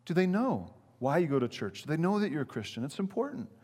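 A man's voice: a little high, sing-song, quick pace, a little mellow, breathy edge. Earnest preacher man in a reverberant hall. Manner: earnest, conversational preaching with rhetorical questions. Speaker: pastor. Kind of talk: sermon.

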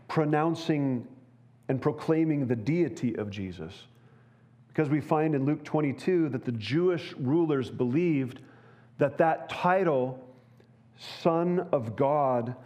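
A man's voice: mid-range voice, a little mellow. A male pastor delivers a sermon in church. He speaks earnestly and conversationally, often turning to the congregation with rhetorical questions.

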